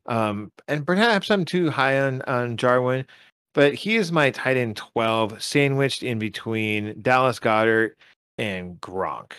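A man's voice: mid-range voice, lively intonation, takes it slowly, fairly bright tone, clean tone, dry recording. A man co-hosting a casual sports podcast, rambling with fillers and restarts. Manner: rambling, puts on a mock Southern drawl at times. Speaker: podcast co-host. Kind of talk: casual fantasy football chat.

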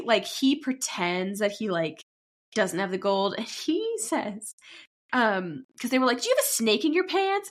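A woman co-hosting a podcast, chatting casually about a reality show and acting out quotes with laughter. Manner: animated, laughing, acts out quotes in a high voice. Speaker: podcast co-host. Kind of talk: casual recap chat.

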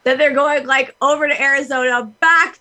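A woman's voice: high-pitched, fairly even intonation, moderate pace, bright, forceful tone. A woman co-hosting a podcast in bubbly, casual chat with lots of likes. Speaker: podcast co-host.

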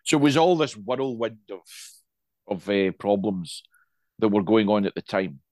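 Low-voiced man rambling through a chat. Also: lively intonation, normal speed, a little mellow, no room sound. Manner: rambling, many restarts and asides. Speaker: podcast co-host. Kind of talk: casual chat.

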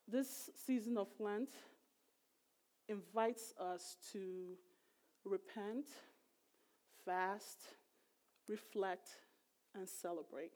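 Middle-aged woman preacher, mid pitch, chatty and emphatic sermon delivery. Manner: conversational, emphatic, voice rising sharply when retelling emotional moments.

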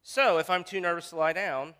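Bright-voiced male pastor in a reverberant hall. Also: on the high side, brisk, clear, resonant tone. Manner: earnest, thinks aloud with restarts. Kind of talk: sermon.

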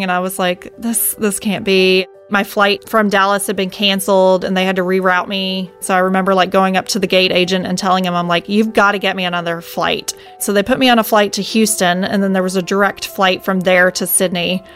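A woman's voice: mid-range voice, a bit bright. A woman in her thirties telling her own story in an earnest, reflective way, often saying "like". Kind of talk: personal storytelling on a podcast.

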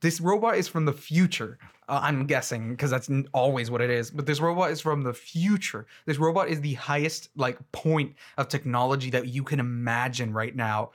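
A man's voice: mid-range voice, normal speed, hardly any pauses. A young man with a mid-range voice rambles through a casual trailer reaction. He leans on fillers, restarts his sentences and laughs easily as he goes. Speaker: movie commentator.

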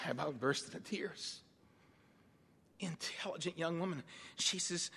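Bright-voiced preacher in a reverberant hall. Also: male voice, on the high side, slow pace, pauses often, slightly rough. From Massachusetts, USA. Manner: animated, swings between hushed and loud. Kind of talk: sermon with personal storytelling. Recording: long reverb of a large hall.

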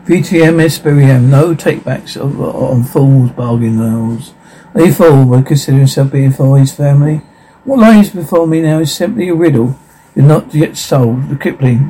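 A man reading captions and sound cues aloud in a halting, stumbling way with a flat delivery. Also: fairly high pitch, a little hiss or hum, low-quality recording.

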